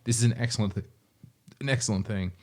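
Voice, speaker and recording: A man's voice: on the low side, steady tone, quick pace, darkish tone. A man co-hosting a casual podcast chat over beers, ranting emphatically and swearing freely. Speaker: podcast co-host.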